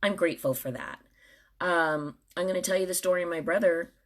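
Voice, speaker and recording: Husky, earnest woman talking to viewers. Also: lowish voice, steady tone, a little fast. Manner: earnest and emotional, speaking to viewers directly. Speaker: dental professional. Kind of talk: personal vlog monologue.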